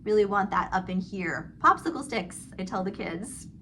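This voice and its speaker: The recording is rough with slight background noise as a middle-aged vocal coach leads a singing lesson at a normal speed. In her mid-range voice she demonstrates vowel slides and sighs, and between these sung exercises she explains technique calmly.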